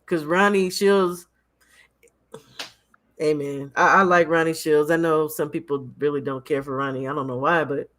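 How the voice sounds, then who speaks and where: Animated man chatting on a livestream. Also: a little high, normal speed. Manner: animated, laughs often, repeats himself. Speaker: livestream host. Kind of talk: casual boxing chat.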